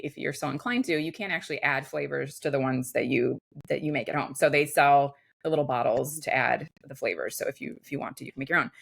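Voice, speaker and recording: A woman's voice: low-pitched, creaky, fairly bright tone. Chatty woman with a Chicago accent. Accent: Chicago Midwestern. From Chicago, US Midwest. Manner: chatty, many fillers and laughs. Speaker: podcast co-host. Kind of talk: casual chat.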